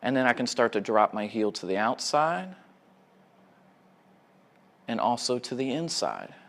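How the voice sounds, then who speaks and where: A man, a fitness instructor, calmly talking viewers through gentle ankle exercises. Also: medium pitch, measured pace. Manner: calm, easygoing instructions. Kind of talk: exercise demonstration.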